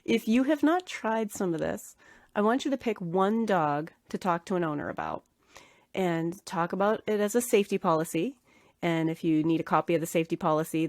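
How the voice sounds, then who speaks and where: Woman, podcast host, grooming educator, earnest coaching, repeats key words, mid-pitched, dry close sound. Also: a little mellow, no room sound. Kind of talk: solo teaching podcast.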